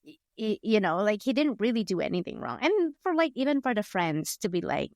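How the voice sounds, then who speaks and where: A woman's voice: mid-range voice, big pitch swings, brisk, darkish tone, no room sound, clean studio sound. Chatty woman podcast co-host rambling. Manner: rambling, filler-heavy retelling; acts out characters' lines in quotes. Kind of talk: casual book review chat.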